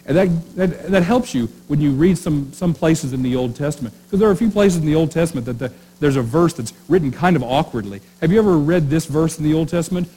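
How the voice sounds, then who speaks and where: A man's voice: a little high, animated, a little fast, a little mellow, a little hiss or hum, rough recording. A man preaching a sermon as pastor, speaking conversationally with rhetorical questions and frequent restarts.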